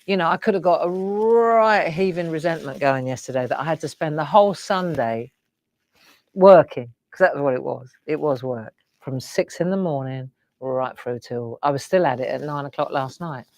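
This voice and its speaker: Slow, tearful middle-aged woman. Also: low-pitched, darkish tone, no room sound. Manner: reflective, rambling, emotional. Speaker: craft show host. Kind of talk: casual live-stream chat.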